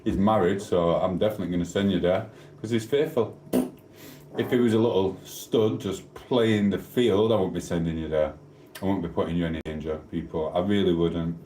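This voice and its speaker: A man with a South Yorkshire accent chats casually on his live stream, reading viewers' comments aloud and teasing them playfully. His voice sits a little low, and it rings in an echoey room over a faint hum. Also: moderate pace, warm tone. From Sheffield, England. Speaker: livestream host.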